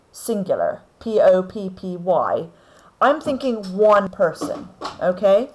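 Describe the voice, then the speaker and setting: Slow, deliberate woman teaching. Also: medium pitch, big pitch swings, rough recording. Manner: slow, deliberate explaining with frequent "okay?" checks. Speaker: English teacher. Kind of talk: recorded lesson on poetry.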